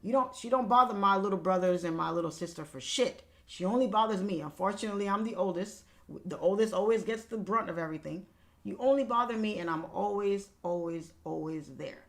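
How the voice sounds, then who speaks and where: A woman's voice: mid-range voice, fairly quick. A young woman livestream host telling a personal family story in casual talk, candid and emphatic, swearing freely. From Haitian family background.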